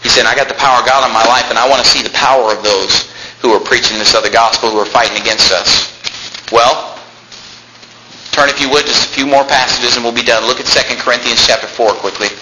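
A man preaching a sermon, with loud high-pitched bursts and drawn-out lines as he reads and explains Bible verses. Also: steady tone, reverberant, background noise. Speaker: pastor. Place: church.

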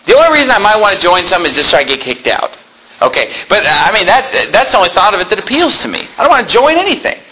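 Male pastor mid-sermon: high, bright voice, conversational but combative and emphatic. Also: sing-song, racing, a little hiss or hum, rough recording. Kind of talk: preaching a sermon.

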